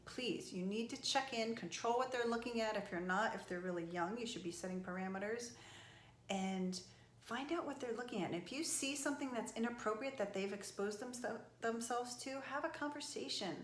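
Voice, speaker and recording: A middle-aged woman speaks as a motivational speaker, earnest and emphatic, her voice sitting a little high. She talks straight to camera, and the sound rings around an echoey room. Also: moderate pace, a little hiss or hum. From from an Italian family. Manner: earnest and emphatic, with animated outbursts. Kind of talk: direct-to-camera advice talk.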